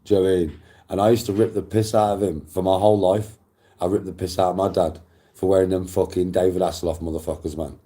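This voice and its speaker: A middle-aged Englishman with a very low, mellow voice, chatting casually. He rambles, swears freely and circles back over his own phrases. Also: little pitch movement, fast. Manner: rambling, profane, repeats himself. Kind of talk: casual storytelling chat.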